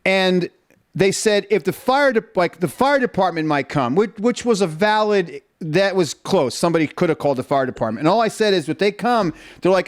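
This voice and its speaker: A man co-hosting a casual podcast, telling stories in an animated, jokey way and acting out what people said. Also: high-pitched, a little fast. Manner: animated storyteller, jokey, acts out quotes. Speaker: podcast co-host. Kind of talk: casual chat.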